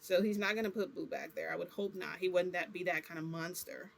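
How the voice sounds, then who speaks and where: A woman talks straight to her viewers, winding through a personal story with plenty of fillers and asides. Her delivery is loose and animated, breaking now and then into a laugh. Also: on the low side, a little fast, vocal fry. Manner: rambling, chatty, many fillers. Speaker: vlogger. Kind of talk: casual confessional storytelling.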